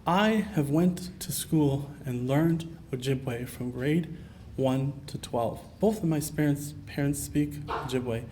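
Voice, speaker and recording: In a conference hall, a Canadian man delivers a keynote that's earnest and personal, telling stories peppered with fillers. His voice is mid-range and darkish, he speaks slowly, and there's a little hiss or hum.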